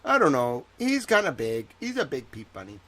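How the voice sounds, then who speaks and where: A man hosting a livestream in a rambling, jokey way, swinging between loud bursts and soft asides. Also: fairly high pitch, huge pitch swings, normal speed. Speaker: livestream host. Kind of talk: casual livestream chat.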